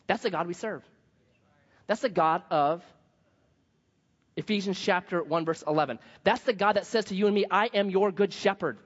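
A man preaching a sermon, telling a story in a lively way and acting out the voices of the people in it. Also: high voice, moderate pace, long pauses. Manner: animated storytelling, acts out quoted voices. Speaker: pastor. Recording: dull sound with long hall reverb.

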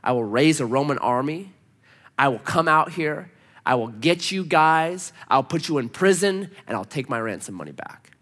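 A man's voice: a little high, lively intonation, normal speed, a bit bright, in a large hall. A man voicing an arrogant young noble held captive, proud and demanding. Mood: indignant.

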